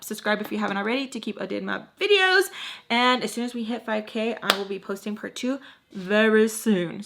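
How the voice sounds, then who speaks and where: A young woman telling a storytime vlog, animated, acting out quotes with many fillers. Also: fairly high pitch, a little hiss or hum. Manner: animated, acts out quotes with lots of "like". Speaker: YouTube storyteller.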